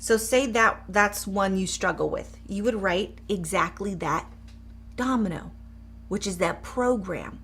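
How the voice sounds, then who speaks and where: A middle-aged woman coach who speaks straight to her viewers with upbeat encouragement and leads a short eyes-closed exercise in a softer voice. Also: medium pitch, measured pace, breathy edge. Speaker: mindset coach. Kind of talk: live coaching demonstration.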